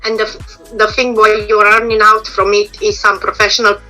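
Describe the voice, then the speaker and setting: A woman's voice: medium pitch, flat delivery, a little fast, bright, forceful tone, soft background music, poor audio. A middle-aged woman, a makeup and prosthetic artist, giving frank, explanatory advice in an interview over a video call, her voice a bit strained as she is losing it. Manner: explanatory, frank, restarts phrases. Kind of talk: casual interview answers.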